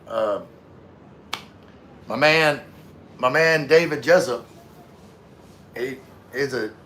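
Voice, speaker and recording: A man's voice: medium pitch, a bit bright, slight background noise. A man hosts a casual livestream, reading chat aloud and wandering off into loose, slangy tangents. His voice sits mid-range, and he has had a few drinks. The pace is easygoing. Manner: laid-back, slangy, rambling.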